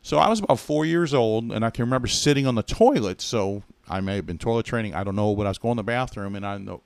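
Low-ish, creaky, yet clear and resonant, this man's voice is expressive and fast, with no room sound. A middle-aged co-host from Massachusetts, he's interviewed on a podcast and rambles chattily through his childhood, correcting himself amid plenty of asides.

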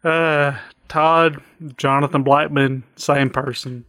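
A man co-hosting a podcast, chatting casually with laid-back short replies and quick asides. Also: fairly high pitch, fairly even intonation, a bit bright, no room sound, clean studio sound. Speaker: podcast co-host. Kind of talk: casual chat.

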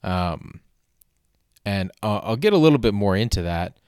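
A man with a very low voice rambles through a casual solo podcast, wry and self-deprecating, restarting his sentences often. The recording is dry and close, with no room sound. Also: very animated, measured pace, a little mellow, clean tone, no room sound. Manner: swears casually. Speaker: podcast host.

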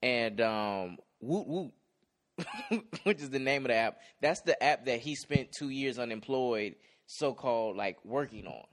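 A young man co-hosting a casual podcast, talking in a relaxed, easygoing way with many fillers. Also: medium pitch, measured pace. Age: young adult. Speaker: podcast co-host. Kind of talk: casual chat recapping a TV episode.

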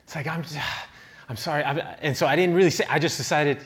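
A middle-aged pastor preaching, telling a self-deprecating personal story in an animated way. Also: male voice, fairly high pitch, brisk.

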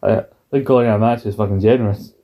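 Male co-host, casual jokey recap, mellow dark tone. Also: on the low side, fairly even intonation, racing. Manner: jokey, acts out quoted lines in silly voices. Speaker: podcast co-host.

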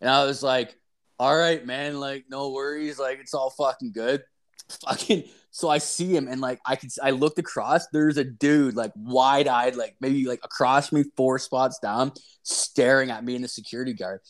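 A man's voice: medium pitch, steady tone, normal speed. A man co-hosting a casual podcast, telling a rambling, profane story full of "like" fillers.

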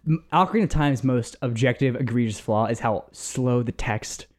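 A young man co-hosting a casual podcast teases his friend with sarcastic, joking banter. His medium-pitched voice is a little mellow and moves at a moderate pace.

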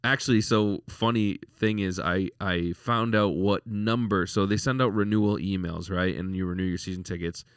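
Laid-back man, low dry voice. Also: steady tone, normal speed, few pauses, smooth, dry recording. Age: 40s. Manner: rambling, repeats words, laughs often. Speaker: podcast co-host. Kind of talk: casual sports chat.

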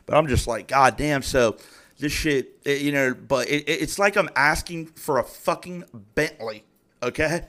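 A podcast host in his thirties rants heatedly, swearing constantly and frequently restarting his sentences. His voice is a little high and a bit bright, at a moderate pace.

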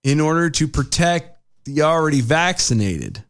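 A man's voice: fairly high pitch, very animated, normal speed, clean tone. A man co-hosting a casual podcast, reading news quotes aloud and ranting in exasperation. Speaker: podcast co-host.

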